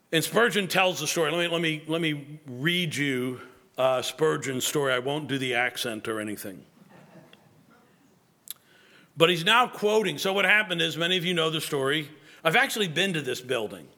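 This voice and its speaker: A male pastor preaching with a fervent, emphatic delivery. His voice is sharp and forceful, sitting a little higher than most men's. He often doubles words as he drives a point home. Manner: emphatic, repeats words when building a point. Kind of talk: sermon.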